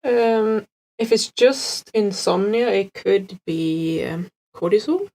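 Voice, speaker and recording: A woman's voice: mid-range voice, takes it slowly, warm tone, rough recording. Casual woman reading out viewer questions. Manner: casual, cheeky, swears lightly. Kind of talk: live Q&A chat.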